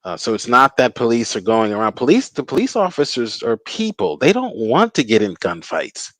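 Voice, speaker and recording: A man's voice: medium pitch, huge pitch swings, moderate pace, no room sound, poor audio. Older male host, opinionated commentary, sardonic, dry close sound. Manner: sardonic, argumentative.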